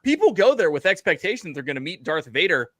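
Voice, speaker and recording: A man's voice: fairly high pitch, big pitch swings, fast talker, fairly bright tone. A man co-hosting a podcast in casual chat, opinionated and stammering as he starts his thoughts. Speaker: podcast co-host.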